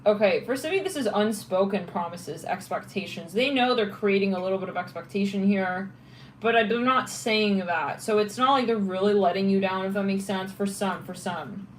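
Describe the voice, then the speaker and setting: Woman tarot reader, casual, thinks out loud, mid-pitched, faint background hiss. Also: normal speed, poor audio. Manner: chatty, thinks aloud with restarts while reading cards.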